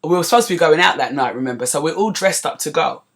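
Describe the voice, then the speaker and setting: A woman in her forties from North London with a London accent, hosting a podcast and telling a story in a lively, chatty way with asides to her listeners. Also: sits low, quick pace. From North London, England. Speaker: podcast host. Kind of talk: casual storytelling monologue.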